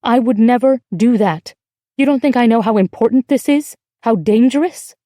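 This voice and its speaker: Woman reading as a sharp, wary pregnant wife. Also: fairly high pitch, normal speed, no echo, studio quality, lightly acted. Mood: accusing. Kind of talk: audiobook dialogue reading.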